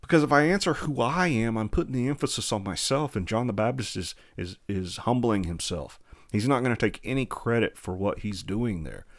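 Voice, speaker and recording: A man delivers a verse-by-verse sermon in a mid-pitched voice. He reads scripture in a slow, old-fashioned cadence. Then he explains it in everyday speech, full of rhetorical questions. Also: animated. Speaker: preacher.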